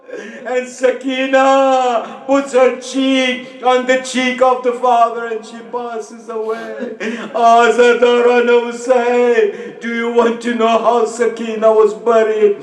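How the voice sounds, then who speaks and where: A man's voice: very high voice, level tone, slow pace, echoey room, low-quality recording. A man delivering an emotional mourning sermon, recounting with grief and crying out in sorrow. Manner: grief-laden recitation, cries out names. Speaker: speaker at a mourning gathering. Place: mosque hall.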